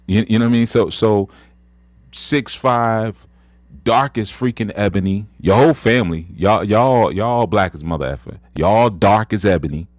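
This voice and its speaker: Hosting an audio chat room, a man in his thirties gives a casual motivational talk, emphatic and repetitive and peppered with "you know." His voice is lowish at a normal speed, with no room sound.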